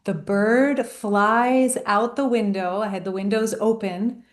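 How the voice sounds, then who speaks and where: A woman life coach giving a motivational talk, emphatic and storytelling, slowing down on key phrases. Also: mid-range voice, steady tone, roomy sound.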